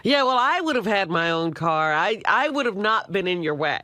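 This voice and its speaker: A co-host with a high, very lively voice bounces questions off the host, laughing easily. The tone is bright and the sound dry and close on the studio mic. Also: male voice, moderate pace, no room sound. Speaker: radio co-host. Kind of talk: casual radio banter. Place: radio studio.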